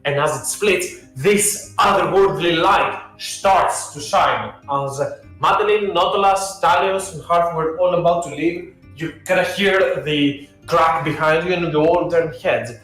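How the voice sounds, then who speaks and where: Slow echoey game master. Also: male voice, a little high, fairly bright tone, soft background music. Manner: slow, halting narration with fillers. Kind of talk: narrating a tabletop game. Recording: very echoey room.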